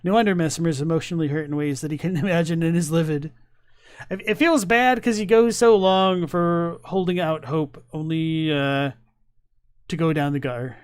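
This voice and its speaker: High, smooth-voiced male streamer. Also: normal speed, dry recording, studio quality. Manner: chatty, many fillers and restarts, laughs. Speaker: streamer reacting to videos. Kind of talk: casual reaction commentary.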